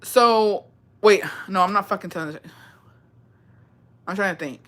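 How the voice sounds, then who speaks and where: A woman's voice: medium pitch, unhurried, a bit bright. A woman in her thirties telling a gossipy, profane childhood story, dropping Spanish phrases into her talk. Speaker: storytime vlogger. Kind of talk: casual storytelling.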